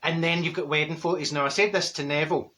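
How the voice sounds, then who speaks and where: Man in drag as a Glaswegian gossip, middle-aged, blunt and chatty, bright forceful voice, comic monologue. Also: a little high, steady tone, quick pace. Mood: gossipy. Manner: chatty, blunt, laughs at own stories. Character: straight-talking gossipy middle-aged Glasgow woman. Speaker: comic character.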